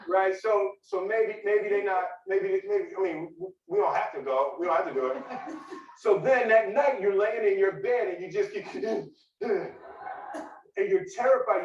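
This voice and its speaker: High-voiced man telling a story, echoey room. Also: a little hiss or hum. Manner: animated, repetitive, asks "right?" often. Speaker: guest speaker. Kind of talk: storytelling talk. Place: office meeting room. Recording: echoey, distant, dull room recording.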